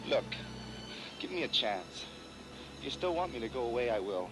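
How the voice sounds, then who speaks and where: A man's voice: mid-range voice, big pitch swings, moderate pace, lightly acted, rough recording. An actor playing a remorseful young man who begs his ex to take him back, speaking in a pleading, apologetic way, heard in a film clip. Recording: film audio clip with music behind.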